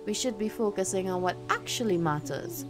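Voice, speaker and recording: A woman's voice: mid-range voice, sing-song, brisk, close to an everyday voice. A woman reading the lines of a blunt, protective young woman in a game, scornful and pleading. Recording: game music behind.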